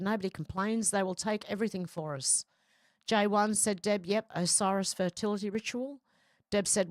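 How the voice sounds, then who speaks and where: A woman's voice: medium pitch, no room sound, studio quality. A middle-aged woman, hosting a casual livestream and reading viewer comments aloud in a chatty way. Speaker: livestream host reading chat. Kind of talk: casual chat.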